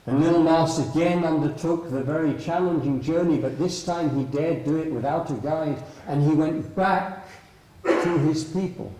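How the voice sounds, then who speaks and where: A man's voice: fairly high pitch, moderate pace, dark tone. A man telling a traditional story live at a festival, dramatic and swooping, drawing out his words. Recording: roomy live hall with faint noise.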